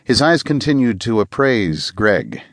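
Low-voiced male audiobook narrator. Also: very animated, unhurried, fairly bright tone, no echo, studio quality. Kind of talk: scripted narration.

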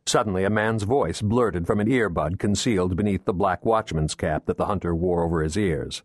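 A man reading a thriller audiobook in steady, measured scripted narration, recorded on a close studio mic. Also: low-pitched, no echo. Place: recording booth.

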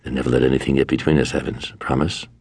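Man doing a tender young woman, whispered, very deep voice, hushed, dry studio sound. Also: level tone, fast, vocal fry, breathy edge, no room sound, full character voice. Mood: intimate whisper. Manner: soft and hushed. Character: tender young woman, a famous actress, whispering to her lover.

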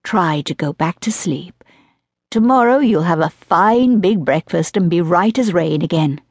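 A woman narrator voicing a gentle, patient father who speaks softly in an audiobook. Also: on the low side, normal speed, no room sound. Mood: tender. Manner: soft, fond, quiet. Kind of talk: audiobook character voice.

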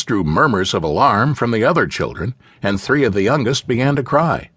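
A man narrating a fantasy novel in a vivid, expressive storytelling style. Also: fairly low pitch, moderate pace, few pauses, slightly rough, no echo. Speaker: audiobook narrator. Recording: dry studio audiobook.

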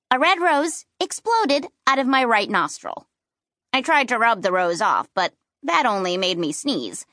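A woman narrating a children's fantasy book in first person, with playful and expressive storytelling. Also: high voice, dry recording, studio quality. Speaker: audiobook narrator.

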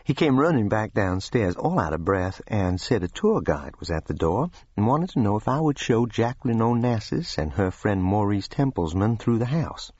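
Male narrator as a composed Southern-gentleman storyteller, dry and amused, low husky voice, audiobook. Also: moderate pace, few pauses, dry recording, muffled recording. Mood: calm. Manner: calm, controlled, dryly amused. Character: calm, genteel older Southern gentleman storyteller.

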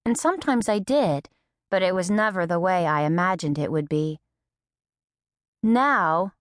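Woman, audiobook narrator; calm first-person reading, dry booth sound. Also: mid-range voice, dry recording.

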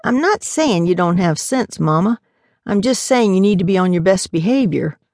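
A woman's voice: medium pitch, lively intonation, moderate pace, a little mellow, dry recording, studio quality, close to an everyday voice. A woman voicing a nervous, fussy man who nags his mother and partner. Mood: nagging. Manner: nagging, worried. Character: anxious, fussy grown son.

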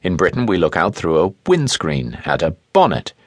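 A man reading a nonfiction audiobook in a clear, explanatory way, stressing each example, close to a studio microphone. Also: sits low, huge pitch swings, normal speed, no room sound. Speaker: audiobook narrator. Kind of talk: scripted nonfiction audiobook narration.

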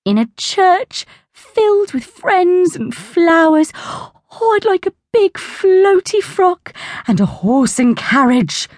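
A woman voicing a romantic, excitable middle-aged aunt in a children's storybook, with a dreamy, gushing manner. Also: high-pitched, measured pace, few pauses, no room sound, studio quality, voice pushed up.

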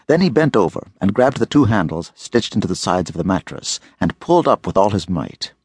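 A man narrating an audiobook thriller in a dramatic, expressive storytelling style on a close studio mic. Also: deep voice, brisk, hardly any pauses, slightly rough, no room sound.

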